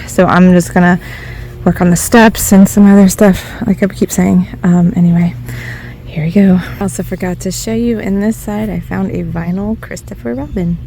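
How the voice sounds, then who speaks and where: A chatty woman from Ohio narrates her backyard stone work into a handheld camera, a little out of breath. Her voice is mellow and darkish. A faint outdoor hum sits behind her. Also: medium pitch, steady tone, normal speed. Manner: chatty, self-deprecating, laughs often. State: out of breath from heavy yard work. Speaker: DIY garden vlogger. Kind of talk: casual vlog narration while working outdoors.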